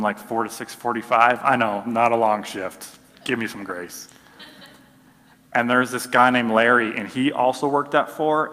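A man's voice: medium pitch, sharp tone, big-room sound. A man preaching a sermon in a casual, conversational way. He fills his talk with "like" and briefly acts out the people in his stories. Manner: conversational, uses many "like" fillers and acts out little quoted voices. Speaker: pastor.

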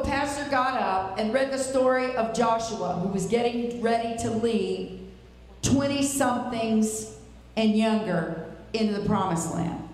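A woman's voice: a little high, heavy reverb, in a large hall, poor audio. A woman preaching to a congregation in an exhorting, preacherly manner. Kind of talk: sermon.

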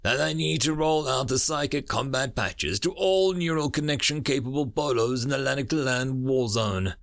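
A man's voice: mid-range voice, normal speed, gravelly, a bit bright, no echo. A man voicing a stern, commanding male digital war-being who speaks with a cold, hard edge and snarls.

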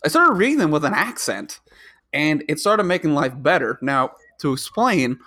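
A man's voice: on the high side, big pitch swings, moderate pace, sharp tone. Rambling man on a casual podcast. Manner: rambling, full of fillers and restarts. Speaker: podcast co-host.

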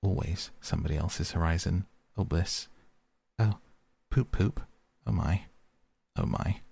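A man voicing a vain male toad in a storybook reading, murmuring in a dreamy monotone. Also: sits low, a little slow, vocal fry, husky, exaggerated voice.

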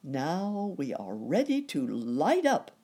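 A woman voicing a kindly old gentleman rabbit in a storybook, cheerful and exclaiming. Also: low voice, huge pitch swings, slow pace, breathy edge, full character voice.

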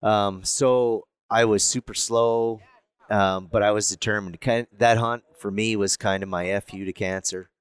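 A man speaking in a relaxed, reflective way in casual conversation, with frequent fillers. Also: fairly low pitch, a little slow, smooth, no room sound. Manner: reflective, with many fillers like "you know" and "um". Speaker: hunter on a hunting podcast.

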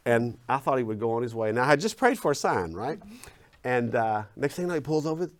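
Southern man, mid-pitched, lively storyteller who acts out his lines. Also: quick pace. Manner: acts out his own quoted lines with big pitch swings. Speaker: guest, former minister. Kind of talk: animated personal storytelling.

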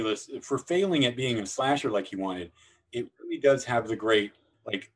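A man chats about films on a podcast, rambling and full of restarts. His voice sits at a middle pitch, and he bursts into raised, excited voices when he quotes scenes. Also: poor audio. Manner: rambling, animated, acts out movie lines in high voices. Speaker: podcast host. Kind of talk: casual film discussion.

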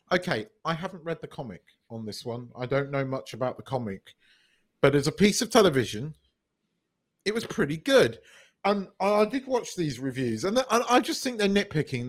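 A man co-hosting a podcast, talking casually and opinionated, stumbling over repeated words and swearing. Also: fairly high pitch. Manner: stammering restarts, sweary, opinionated. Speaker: podcast co-host. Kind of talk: casual chat review.

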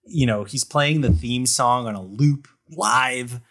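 A man's voice: mid-range voice, takes it slowly, fairly bright tone. A man talking as a guest on a podcast in a loose, rambling way, full of fillers and restarts. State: choked up. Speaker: guest artist. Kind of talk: casual podcast chat.

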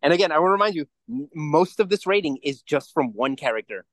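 A man's voice: a little high, lively intonation, brisk, fairly bright tone, dry recording. A man co-hosting a podcast in casual chat, rambling and swearing freely as he acts out little quotes. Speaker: podcast co-host.

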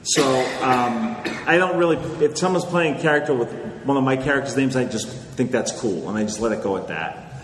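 A middle-aged man, an author and guest speaker, telling anecdotes on a panel in an animated, laughing way. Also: mid-range voice, fairly quick. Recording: echoey hall with crowd noise.

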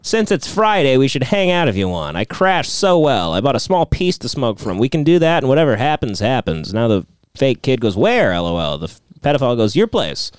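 A man hosting a comedy podcast, reading chat logs aloud in a deadpan way and often breaking into laughter. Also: medium pitch, fairly quick, clean tone, no echo. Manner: deadpan narration broken by laughter. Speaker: podcast host.

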